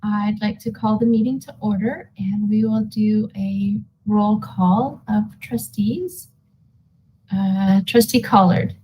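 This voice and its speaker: Slow-spoken woman chairing a meeting. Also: medium pitch, fairly even intonation, warm tone, slightly rough, rough recording. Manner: friendly, with frequent filler pauses. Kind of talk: chairing an online board meeting.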